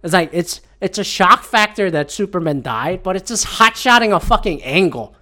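A man hosting his own podcast and venting with plenty of swearing. His pitch leaps up and down in a lively, exasperated rant, and he sounds a little teary and keeps gulping. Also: moderate pace. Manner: profane, exasperated ranting. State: teary and gulping after a swab test. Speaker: podcast host.

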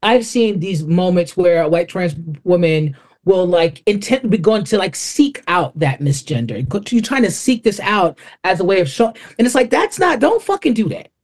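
A man's voice: sits high, animated, normal speed, few pauses. A man guesting on a podcast, talking candidly in a storytelling way with salty language. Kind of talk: casual interview chat.

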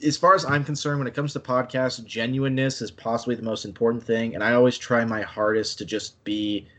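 A man's voice: mid-range voice, steady tone, a little fast, fairly bright tone. A man co-hosting a podcast, talking in an easygoing, earnest way. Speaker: podcast co-host. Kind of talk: casual podcast chat.

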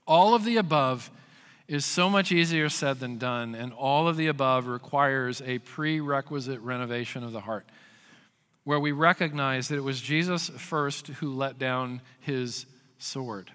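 A male pastor preaching a sermon, telling stories with loud acted quotes and dropping to hushed emphasis. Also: mid-range voice, a little slow. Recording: long hall reverb.

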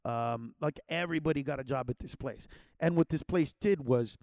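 A man's voice: medium pitch, normal speed, a little mellow, no room sound, studio quality. A man telling a childhood story in a loose, rambling way, with slang and many restarts. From Los Angeles area. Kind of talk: casual personal storytelling.

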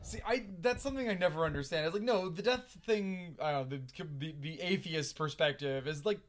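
A man's voice: fairly high pitch, brisk. A man co-hosting a casual podcast chat, wry, trailing off with fillers. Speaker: podcast co-host.

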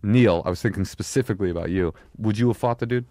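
Low-voiced man telling profane stories. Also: quick pace, dry recording, clean studio sound. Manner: profane, animated anecdote teller who acts out dialogue. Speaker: podcast co-host. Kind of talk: casual chat, storytelling.

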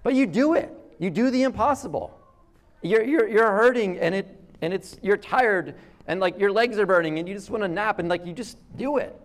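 A middle-aged man preaching a sermon in a conversational, animated way, telling stories and acting out quotes. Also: sits high, moderate pace. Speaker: pastor.

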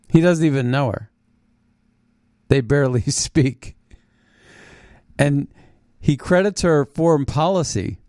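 A man hosting a political commentary show, talking in a mocking, halting way with frequent restarts. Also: a little high, a little mellow, no echo, clean studio sound. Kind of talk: opinionated commentary monologue.

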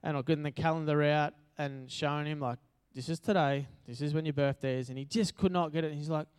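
A man's voice: on the high side, fairly even intonation, quick pace, darkish tone, smooth. An Australian man giving a casual, chatty sermon at church, joking and using lots of fillers. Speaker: preacher. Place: church hall.

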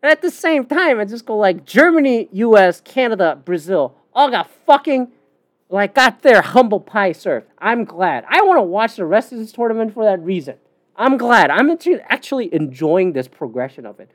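A woman's voice: medium pitch, very animated, moderate pace, dry recording, clean studio sound. A woman hosting a podcast, ranting bluntly and profanely in casual talk with many fillers. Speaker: podcast host. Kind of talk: casual opinion rant.

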